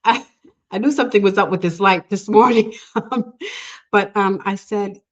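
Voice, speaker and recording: Speaking at medium pitch and normal speed, a woman guest tells a personal story in conversation, earnest and emotional. She laughs often amid many fillers. The audio is dull and lo-fi.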